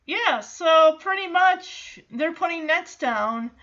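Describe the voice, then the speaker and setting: A woman recaps a film in a casual, exasperated, chatty way. Her voice is bright and crisp. The recording sounds muffled and lo-fi. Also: very high voice, expressive, slow. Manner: exasperated, chatty, reacts to the story. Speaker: movie recap host. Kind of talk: casual movie recap commentary.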